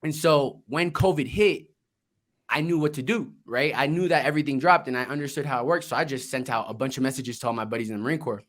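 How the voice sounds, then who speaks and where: A young man and Marine veteran, a guest telling his life story in a casual, candid, energetic way, swearing freely. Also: mid-range voice, fast talker. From Colombia, raised in Florida. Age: young adult.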